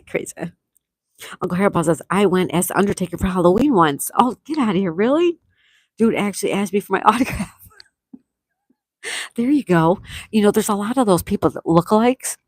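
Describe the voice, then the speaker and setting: With lively intonation, a moderate pace and long pauses, a middle-aged woman in a mid-range voice reads chat comments aloud on her livestream, affectionate, chatty and quick to laugh. The sound is clean studio quality with no room sound.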